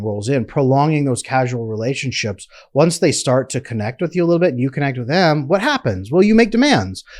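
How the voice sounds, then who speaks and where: A man, a relationship coach, giving an emphatic, conversational educational talk to camera. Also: medium pitch. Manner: emphatic, conversational, acts out quotes.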